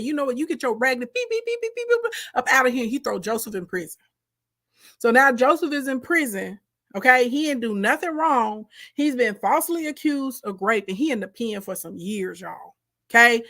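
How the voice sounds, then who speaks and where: High-voiced woman telling a Bible story. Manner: lively, slangy, addresses listeners as girl and baby. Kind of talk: humorous Bible retelling.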